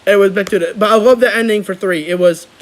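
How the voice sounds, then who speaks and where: A young man chatting casually on his channel, rambling and excitable, with lots of restarts. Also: high-pitched, quick pace, low-quality recording. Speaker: vlogger. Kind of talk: casual chat.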